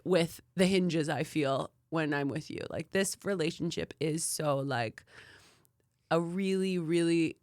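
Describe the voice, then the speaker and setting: A woman's voice: deep voice, a little slow, no room sound, clean studio sound. A woman co-hosting a podcast in casual chat, telling stories with lots of fillers and acting out quotes. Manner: animated storytelling, many fillers, acts out quotes. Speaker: podcast co-host.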